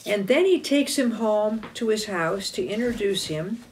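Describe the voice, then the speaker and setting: A woman telling a Bible story to children in chapel with a map and figures. She speaks deliberately and expressively and sometimes corrects herself. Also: medium pitch, lively intonation. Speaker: chapel teacher.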